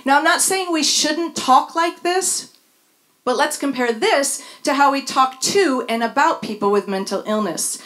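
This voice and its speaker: A woman's voice: high voice, expressive, a little slow, a bit bright. A middle-aged woman reading a candid personal essay on stage, wry and dryly humorous. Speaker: speaker sharing a personal story. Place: stage before a live audience.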